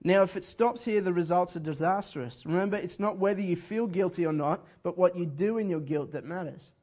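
A man's voice: high-pitched, brisk, darkish tone. A man preaching a sermon in an earnest, conversational way, often chuckling as he speaks. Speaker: pastor.

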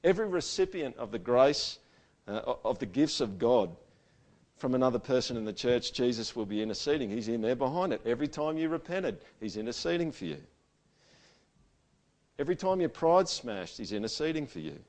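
A man's voice: medium pitch, big pitch swings, fairly quick. Male pastor, mid-range voice, casual emphatic preaching to a congregation. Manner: conversational, swings from loud emphatic to quiet and intimate. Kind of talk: sermon. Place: church gathering.

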